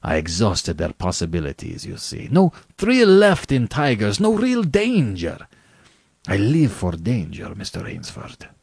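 A man's voice: fairly low pitch, wildly swooping pitch, vocal fry, darkish tone, breathy edge, dry recording, clean studio sound, heavily acted. Zaroff, a man voicing a suave menacing hunter. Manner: slow, measured, courtly. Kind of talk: audiobook reading.

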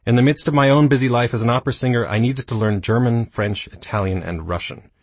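A man in his thirties reading his own nonfiction book aloud, with dry, self-mocking humor and a slightly husky voice. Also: mid-range voice, quick pace, a little mellow, no echo. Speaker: audiobook narrator. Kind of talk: scripted nonfiction narration.

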